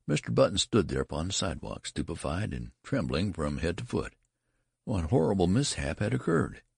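A man narrating a story in an expressive audiobook reading, voicing each character. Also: very deep voice, vocal fry, husky, no room sound, studio quality.

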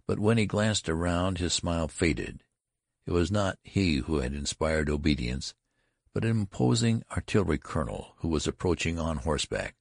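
Very deep gravelly male narrator. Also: no echo, clean studio sound. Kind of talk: audiobook narration.

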